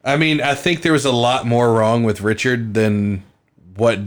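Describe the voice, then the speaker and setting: A man's voice: mid-range voice, fairly even intonation, measured pace. Wry, swearing male podcast co-host. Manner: swears freely, wry and joking. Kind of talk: casual true-crime podcast chat.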